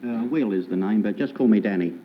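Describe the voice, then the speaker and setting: A man with a Cockney accent from the East End of London chats as a game show contestant. His voice sits low and his manner is amiable, with small hesitations. The sound is dull and lo-fi, with a faint hiss behind him. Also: fast talker. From England. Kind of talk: casual chat. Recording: dull lo-fi 1950s broadcast.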